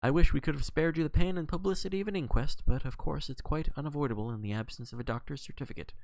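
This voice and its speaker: A man voicing a soothing, careful middle-aged lawyer in an audiobook reading, speaking in measured tones. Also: on the high side, vocal fry, a little mellow, dry recording, voice pushed up.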